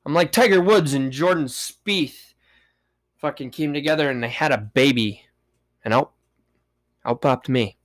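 A man's voice: mid-range voice, measured pace, long pauses. A man hosting a solo podcast, rambling and joking with lots of swearing. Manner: rambling, profane, jokey. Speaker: podcast host. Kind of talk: solo casual podcast monologue.

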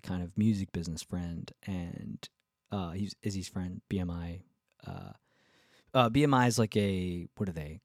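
A male musician vlogger telling a casual story in a rambling, excitable way, full of fillers and restarts. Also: low voice, no echo, studio quality.

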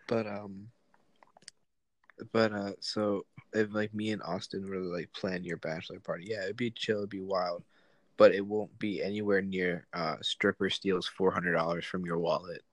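A man's voice: low voice, steady tone, unhurried, pauses often, no room sound. A young man hosting a podcast, chatting loosely with a friend and swearing freely. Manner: loose, profane banter with friend. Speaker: podcast host. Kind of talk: casual chat.

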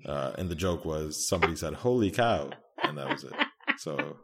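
Deep-voiced man chatting casually. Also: steady tone, brisk, vocal fry, fairly bright tone, slightly rough. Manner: rambling, with frequent restarts and fillers. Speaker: podcast co-host. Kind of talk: casual chat.

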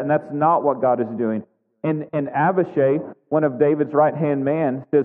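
A male preacher teaches scripture in a chatty, conversational way, full of restarts and tag questions. His voice sits on the high side. The sound is thin and phone-like, with long hall reverb. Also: normal speed. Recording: tinny echoey hall recording.

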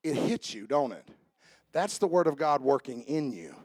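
A male pastor preaching a sermon to his church, swinging between shouted emphasis and low conversational asides. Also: very animated, normal speed, dry recording, clean studio sound. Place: church sanctuary.

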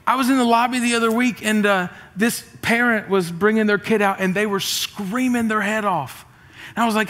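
A middle-aged man, preaching a sermon with jokes and energetic, rising emphasis. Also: sits high, brisk. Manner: energetic, joking, rising to shouts. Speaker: pastor. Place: church auditorium. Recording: reverberant church hall.

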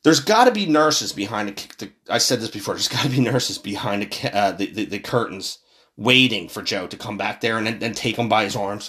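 A man's voice: on the low side, fairly quick, fairly bright tone. Swearing man on an angry political rant. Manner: heated, swearing, repeats himself. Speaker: political commentator.

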